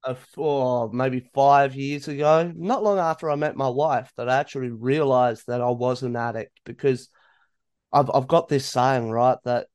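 A man's voice: medium pitch, fairly even intonation, normal speed, a little mellow, clean tone, no room sound. A man hosting a podcast, talking openly and earnestly in a casual, profane way. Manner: open and earnest, with casual swearing. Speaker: podcast host. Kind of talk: casual conversational chat.

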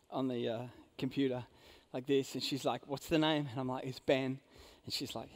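A man preaching a sermon as a pastor, telling a personal story in a casual, animated way, swinging between loud emphasis and quiet asides. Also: high voice. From Orange County, California. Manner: conversational fillers like "like" and "you know".

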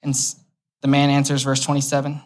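A man's voice: medium pitch, completely flat delivery, a little fast. A young man preaches in an easygoing, conversational way, as if chatting with the room. He moves between explaining a passage and telling a personal story, with light humor along the way. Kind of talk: conversational sermon.

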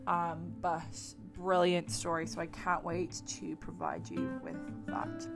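A woman's voice: fairly low pitch, sing-song, slow, over music. A woman hosting a true crime podcast, chatting casually with a rambling, sweary manner. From England. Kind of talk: casual chat.

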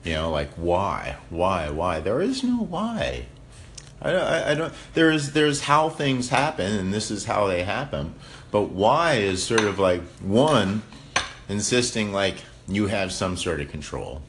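Deep-voiced man musing in slow, halting talk. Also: sing-song, a bit bright, slight background noise. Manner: musing, halting, repeats words. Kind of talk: casual debate.

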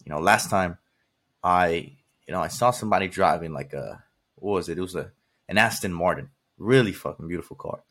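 A man's voice: low-pitched, gravelly, fairly bright tone, husky. A man hosting a podcast, delivering a blunt motivational monologue straight to the listener, swearing casually and repeating himself for emphasis. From California. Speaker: podcast host.

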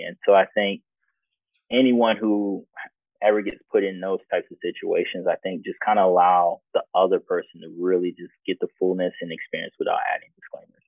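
Man, very low voice, easygoing storyteller, interview guest, tinny phone-like sound. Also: flat delivery, normal speed, no echo. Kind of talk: casual personal storytelling.

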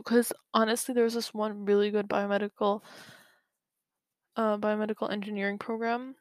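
A woman's voice: on the high side, little pitch movement, moderate pace, no room sound. A young woman vlogging in a casual, rambling way, often laughing and correcting herself. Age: young adult. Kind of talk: casual storytelling to camera. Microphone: own mic, bumped at times.

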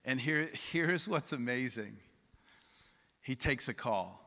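A man's voice: medium pitch, lively intonation, slow, vocal fry, bright, forceful tone, in a large hall. A male pastor preaching a sermon in a conversational way, asking the congregation questions and reading scripture aloud.

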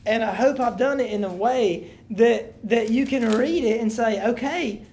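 A woman's voice: a little high, normal speed, darkish tone, a little hiss or hum. A woman leading a Bible study, reading scripture aloud with emphasis and then explaining it in loose, casual talk to a room of listeners.

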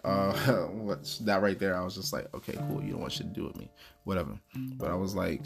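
A man hosting a podcast, telling a story in a blunt, profane, casual rant. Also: sits low. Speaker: podcast host.

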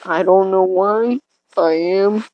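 A woman's voice: mid-range voice, slow, dry recording, highs cut off. A teenage girl rambling hesitantly into her phone from her bed late at night, self-deprecating, her voice cracking now and then. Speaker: podcaster. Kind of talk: casual rambling monologue.

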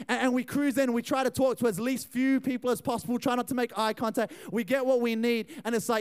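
High-voiced young man preaching. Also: quick pace, hardly any pauses, clean tone. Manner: animated, chatty, addresses the crowd. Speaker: youth pastor. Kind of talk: storytelling sermon.

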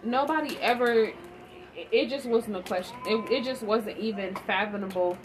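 Speaking at normal speed in a fairly high voice, a parenting vlogger bluntly and emphatically recounts a candid story about raising kids. Steady background noise can be heard throughout.

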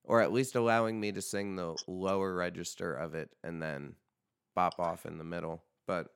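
A man's voice: sits low, fairly even intonation, moderate pace, creaky, clean tone, dry recording, studio quality. A man hosting a podcast in casual chat, rambling and joking with frequent swearing. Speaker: podcast host.

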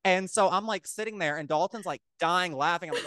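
A man's voice: high voice, unhurried, long pauses, fairly bright tone, clean tone, dry recording. Young guy cohosting a podcast, rambling story w lots of "like", close dry mic. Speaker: podcast co-host. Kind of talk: casual chat.

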